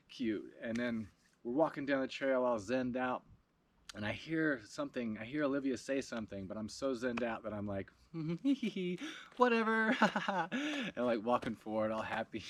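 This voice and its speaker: A man telling a story in a casual video log, animated, laughing often and swearing freely. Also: mid-range voice, a little hiss or hum. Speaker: video blogger.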